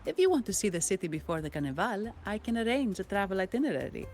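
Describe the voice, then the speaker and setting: A woman's voice: medium pitch, very animated, fast talker, darkish tone, soft background music. An actress voicing a poised, formal young woman who works as a banker and bodyguard, speaking with an Italian accent in a video game. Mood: courteous. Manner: polite, formal, businesslike. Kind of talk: game character dialogue.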